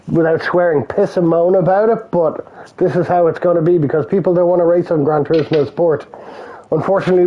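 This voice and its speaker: A man's voice: a little high, muffled recording. A man co-hosting a racing stream, chatting casually, greeting drivers and grumbling about the game. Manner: friendly, congratulates drivers, resigned about game issues. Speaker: racing league co-host. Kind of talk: casual livestream chat.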